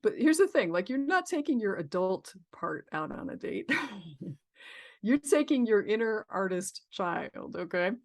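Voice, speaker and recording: A woman's voice: medium pitch, very animated, a little slow. A woman guest on a podcast, talking casually and reflectively about creativity, with frequent fillers and restarts. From San Diego, California. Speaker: therapist guest.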